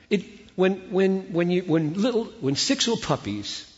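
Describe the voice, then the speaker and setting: A man's voice: sits high, measured pace. Man in his sixties preaching in a hall. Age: 60s. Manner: animated, acts out dialogue, repeats words when excited. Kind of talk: conference sermon with storytelling. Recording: dull sound with long hall reverb.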